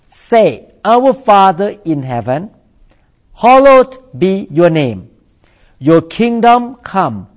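Man, pastor, sermon, slow, slightly high voice. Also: darkish tone, dull audio. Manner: slow deliberate preaching, repeats for emphasis.

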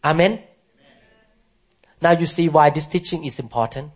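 A man's voice: a little high, normal speed, husky. A man who moved to the country as an adult, preaching a sermon emphatically and asking the congregation questions. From immigrant to the country where he preaches. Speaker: pastor. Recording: muffled lo-fi sound.

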